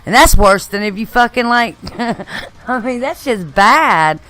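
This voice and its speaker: Bright, crisp-voiced woman swapping stories. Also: a little high, expressive, a little slow, low-quality recording. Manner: loose, profane storytelling. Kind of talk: casual chat.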